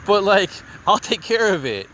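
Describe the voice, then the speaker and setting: A man's voice: high voice, big pitch swings, normal speed, a bit bright, a little hiss or hum. A middle-aged man from Maine hosting a podcast in casual chat, laughing often at his own jokes. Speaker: podcast host.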